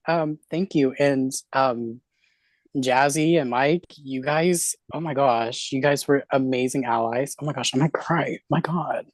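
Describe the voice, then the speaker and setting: A woman with a notably low voice gushes with excitement, full of giggles and exclamations. Her voice is close and dry, with no room sound. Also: measured pace, no echo. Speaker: game winner. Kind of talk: casual chat.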